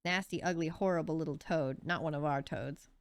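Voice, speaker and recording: A woman's voice: deep voice, fairly quick, no room sound. A woman reading a children's novel aloud, giving each character a slightly different voice. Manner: lively, with small voice shifts for each character. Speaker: reader.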